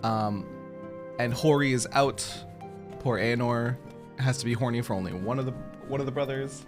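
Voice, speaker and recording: A man's voice: mid-range voice, normal speed, over music. A man streaming a game and chatting casually with his viewers, giggly and self-mocking, laughing often.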